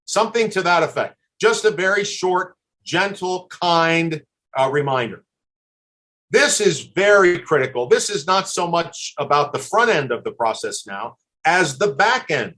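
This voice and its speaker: Older American man, slightly high voice, earnest, repetitive speaker in a webinar. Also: animated, measured pace, bright, forceful tone. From USA. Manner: earnest advice with frequent restarts and repeated words. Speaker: admissions consultant giving a webinar. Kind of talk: live webinar talk.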